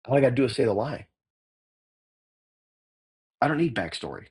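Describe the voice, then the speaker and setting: A middle-aged actor and acting coach talking bluntly and profanely in a casual interview. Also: male voice, on the low side, animated, quick pace, pauses often, darkish tone, husky.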